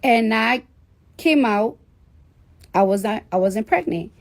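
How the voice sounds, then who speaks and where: A woman's voice: fairly high pitch, takes it slowly, vocal fry. A woman in her thirties telling a personal story in a casual, blunt, profane way, acting out the people she quotes. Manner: animated, acts out quoted people.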